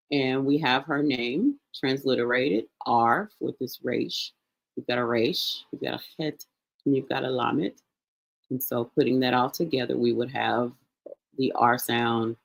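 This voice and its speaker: Low-voiced woman teaching scripture casually. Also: gravelly. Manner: conversational, explains Hebrew names step by step, many restarts and asides. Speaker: Bible study teacher. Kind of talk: casual Bible reading and teaching.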